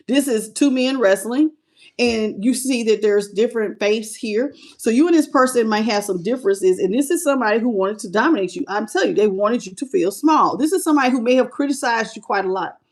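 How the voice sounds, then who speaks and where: A woman with a slight country twang, reading tarot on a live stream and greeting her viewers with pet names. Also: fairly high pitch. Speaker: tarot reader.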